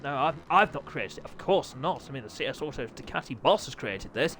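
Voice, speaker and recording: A man hosting a sim-racing league stream, commentating and chatting with his riders in a jokey, excitable way that breaks into yelps and laughter. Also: a little high, brisk, slight background noise. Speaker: race league host and streamer. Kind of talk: live race commentary and chat.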